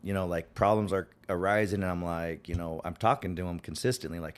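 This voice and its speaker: A man's voice: sits low, fairly quick, hardly any pauses. A man speaking as a podcast guest in casual conversation, with a Western twang and lots of filler words. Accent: American, Western twang. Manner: rambling, many fillers, acts out quotes.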